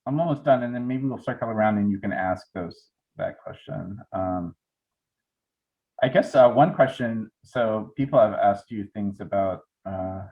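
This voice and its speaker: A man's voice: on the low side, moderate pace. A man hosting a casual interview, asking rambling, hesitant questions. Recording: dull lo-fi audio.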